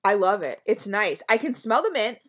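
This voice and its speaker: A woman's voice: medium pitch, very animated, moderate pace, fairly bright tone. Chatty woman gushing over wax melts. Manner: chatty and gushing, addresses viewers as you guys, frequent ums. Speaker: wax melt reviewer. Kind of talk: casual product review vlog.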